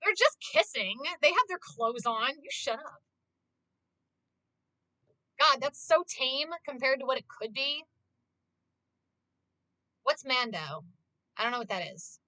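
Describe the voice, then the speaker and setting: Bubbly high-voiced young woman streamer. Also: very animated, sharp tone, dry recording. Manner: gushing, fast, filled with "like". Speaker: livestreamer. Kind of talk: casual chat to stream viewers.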